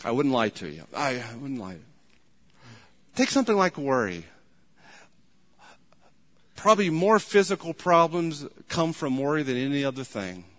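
A man's voice: mid-range voice, big pitch swings, moderate pace, long pauses, a bit bright. A man preaching a sermon, retelling a story and building to fervent emphasis. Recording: long hall reverb.

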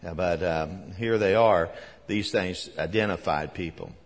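Male pastor, low voice, unhurried conversational sermon full of ums and restarts, long church reverb. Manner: conversational with many fillers and restarts. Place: church sanctuary.

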